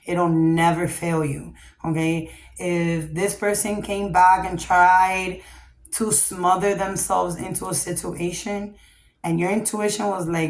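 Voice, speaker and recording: Woman tarot reader, lowish voice, blunt and profane, echoey room. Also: flat delivery, slow. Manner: blunt, profane, keeps asking "okay?". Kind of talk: casual tarot reading.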